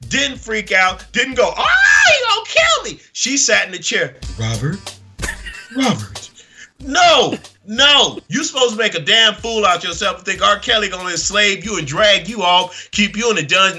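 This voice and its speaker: A man's voice: sits high, bright, forceful tone. A man hosting a comedy podcast segment, delivering a profane, mocking rant.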